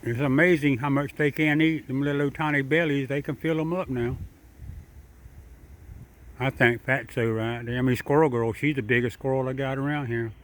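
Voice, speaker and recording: A man's voice: mid-range voice, fairly even intonation, moderate pace. An older man, outdoors in his backyard, talking fondly to a squirrel and rambling to the camera. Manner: drawling, chuckling, rambling, talks sweetly to the squirrel. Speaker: backyard vlogger feeding squirrels. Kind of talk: casual talk to animals and camera.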